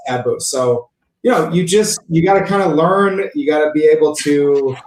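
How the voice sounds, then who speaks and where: A man's voice: fairly high pitch, normal speed. Chatty man in an echoey room. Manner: animated, talks with many fillers and restarts. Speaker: podcast guest, sales engineering leader. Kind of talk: casual interview storytelling. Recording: roomy echo.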